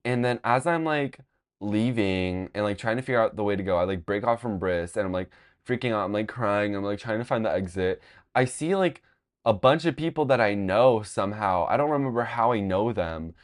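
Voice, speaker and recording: A young podcast host from Long Beach, California, tells a personal story in a lowish, slightly fast voice. His delivery is casual and rambling, packed with fillers and frequent swearing.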